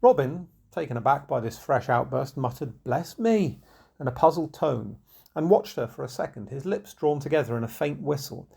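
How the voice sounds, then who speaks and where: A man narrating an old folk tale in a measured, unhurried storybook reading. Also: medium pitch, creaky, a little mellow, husky.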